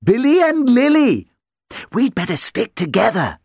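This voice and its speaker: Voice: mid-range voice, wildly swooping pitch, a little slow, creaky, a little mellow, husky, dry recording, studio quality, pitched above the performer's own voice, heavily acted. A storyteller voicing a small, friendly male dog who wants to be a juggler, in a chirpy, bouncy way. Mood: cheerful. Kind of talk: storybook read-aloud.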